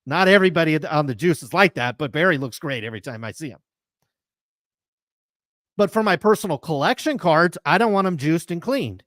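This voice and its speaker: A man's voice: on the high side, expressive, fairly quick, a bit bright, no echo, clean studio sound. A man hosting a live sports card talk show, chatting in an emphatic, rambling way that piles up comparisons. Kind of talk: casual opinionated chat.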